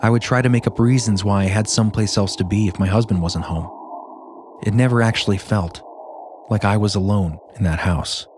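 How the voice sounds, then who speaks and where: A man hosting a podcast, reading a listener's first-person story aloud in a steady, measured way. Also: on the low side, slight background noise. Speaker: podcast host.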